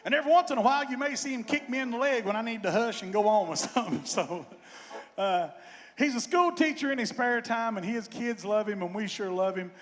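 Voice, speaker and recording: A man's voice: extremely high pitch, expressive, a little fast. A man, a bandleader giving folksy, joking stage banter and storytelling. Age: 50s. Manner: folksy, joking, warm-hearted. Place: outdoor festival stage. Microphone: stage microphone. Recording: long reverb of a stage sound system.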